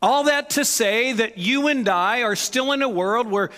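A man's voice: very high voice, a little slow, long reverb tail. A male pastor preaching a sermon in a church, joking and telling stories. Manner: jokey, animated, storytelling. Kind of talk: sermon with storytelling. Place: church sanctuary.

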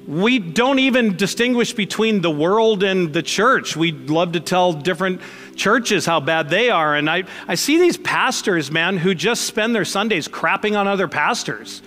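A man's voice: sits high, expressive, measured pace, sharp tone, big-room sound. A man preaching a sermon as pastor, conversational and emphatic, mixing blunt jokes into his points.

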